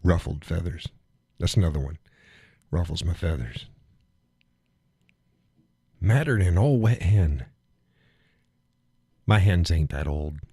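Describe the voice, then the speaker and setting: A man's voice: sits low, animated, takes it slowly, long pauses, dark tone, slightly rough, dry recording, clean studio sound. A man hosting a live stream, chatting casually with viewers in a rambling, folksy way and chuckling often.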